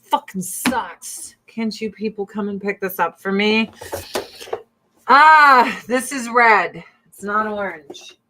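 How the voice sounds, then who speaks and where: A woman's voice: mid-range voice, takes it slowly, bright, forceful tone, slight background noise. Profane, blunt woman in her forties. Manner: profane and blunt, breaks into laughs. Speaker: vlogger. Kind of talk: casual chat during a skincare routine. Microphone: streaming mic close to the camera.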